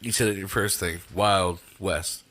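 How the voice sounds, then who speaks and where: Lower-voiced man, blunt podcast chat. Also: fairly even intonation, normal speed, fairly bright tone. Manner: blunt, swears freely. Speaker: podcast co-host. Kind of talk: casual chat.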